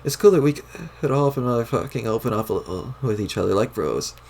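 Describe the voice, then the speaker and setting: Here is a drawling, foul-mouthed young troll clown, as a man reading a webcomic aloud puts him on. The voice sits a little higher than the reader's own and keeps a gravelly, fried edge. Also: animated, fast, darkish tone, slight background noise. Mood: laid-back. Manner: drawling, laid-back, heavy swearing.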